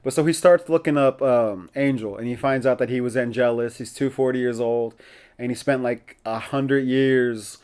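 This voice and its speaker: A man's voice: medium pitch, steady tone, normal speed, a little mellow, smooth. Male podcast host, casual opinionated recap, mid-range voice, laughs easily. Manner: chatty, opinionated, laughs often.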